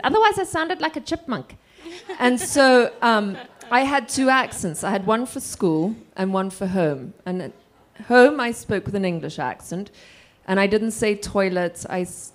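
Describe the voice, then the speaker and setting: Witty self-deprecating woman from Zimbabwe. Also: medium pitch. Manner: humorous, self-deprecating storyteller. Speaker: author guest. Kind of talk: casual conversation with an audience.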